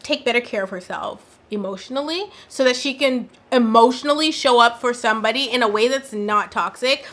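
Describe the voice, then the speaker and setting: A woman giving casual, opinionated commentary on a reality dating show, talking in an animated, slangy way. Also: fairly high pitch, a little fast, few pauses. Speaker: reaction commentator.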